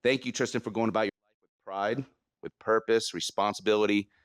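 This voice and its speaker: Man presenting a student award at a podium; earnest, read from notes, lowish voice, dry. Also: steady tone, a little fast, no room sound. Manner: heartfelt, earnest, reading from notes. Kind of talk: prepared award speech. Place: event podium.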